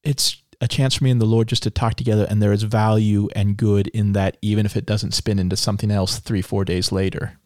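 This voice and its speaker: A man hosting a casual faith discussion, earnest and self-deprecating, getting animated when he quotes his own thoughts. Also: lowish voice, fairly quick, hardly any pauses, dry recording, studio quality. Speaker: podcast host.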